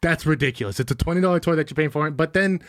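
A man chats casually on a podcast, tossing out jokes and wild movie theories. His voice sits a bit high and sounds dry and close. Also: rapid-fire, no room sound. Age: adult son of a grandmother. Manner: joking, theorizing, hums movie music. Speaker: podcast co-host.

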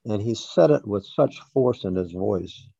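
A man being interviewed, recounting a personal story about his son in a halting way with restarts. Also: fairly low pitch, expressive, creaky, warm tone, slightly rough, no room sound, dull audio. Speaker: interview guest, father.

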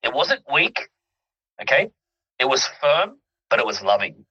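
A man's voice: mid-range voice, very animated, measured pace, pushed and bright, breathy edge. A man, a mindset coach, speaking as an interview guest, explaining earnestly with examples and often checking that the listener follows. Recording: dull lo-fi audio.

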